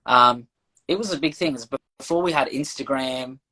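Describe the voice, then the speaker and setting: A man with an Australian accent, a podcast guest telling a lively anecdote in casual chat and acting out the people in it. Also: medium pitch, moderate pace, rough recording. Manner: animated anecdote-telling, acts out quoted voices.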